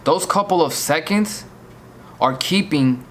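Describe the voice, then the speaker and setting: A man's voice: on the high side, takes it slowly, slight background noise. A man from Virginia recounts a near crash in a vlog, shaken and earnest, often repeating himself as he pleads with viewers. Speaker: vlogger.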